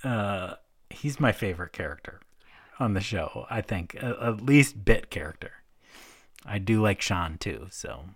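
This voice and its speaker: A woman's voice: very deep voice, lively intonation, unhurried, husky, dry recording, clean studio sound. A woman co-hosting a podcast, chatting in a laid-back way about a TV episode. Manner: laid-back, short agreeing replies. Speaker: podcast co-host. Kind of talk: casual chat reviewing a TV episode.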